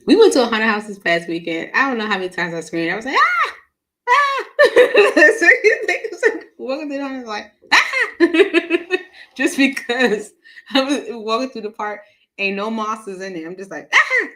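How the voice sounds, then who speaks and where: A woman's voice: a little high, lively intonation, a little fast, a bit bright. A woman giving a casual live tarot reading, chatty and laughing often, with many fillers. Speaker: tarot reader.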